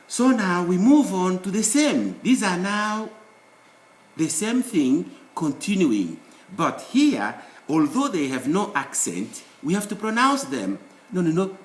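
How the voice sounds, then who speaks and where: Male language teacher, lively explanatory delivery with emphatic rises, echoey room with faint background hiss. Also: fairly high pitch. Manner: explanatory, repeats example words, emphatic rises. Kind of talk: screen-share language lesson.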